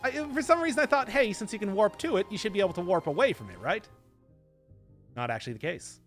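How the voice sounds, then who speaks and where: A young Wisconsin man with a Midwestern American accent streams games, chatting and laughing through live commentary and stressing words in odd places. His voice sits high and lively, and he talks fast. Soft music plays in the background.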